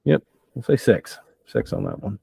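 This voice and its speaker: A man's voice: medium pitch, expressive, moderate pace, creaky, dark tone, husky. A man running a tabletop role-playing game as game master, casual and joking, laughing often and swearing now and then.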